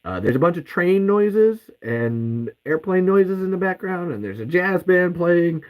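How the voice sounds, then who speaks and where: A man with a high voice rants furiously as a podcast host. He swears constantly and repeats the same curses over and over. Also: animated, a little slow, phone-quality sound. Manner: profane, heated, repeats curses. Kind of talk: angry ranting podcast monologue.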